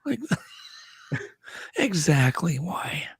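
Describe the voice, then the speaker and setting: A man's voice: a little high, big pitch swings, very slow, slightly rough, no room sound. A man hosting a casual interview, pressing his guest with joking, probing questions. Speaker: podcast host.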